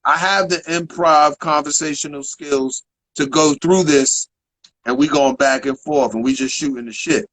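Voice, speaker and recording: A man hosting a casual interview, agreeing often and asking about the guest's career in relaxed slang. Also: on the high side, normal speed, poor audio. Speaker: interview host.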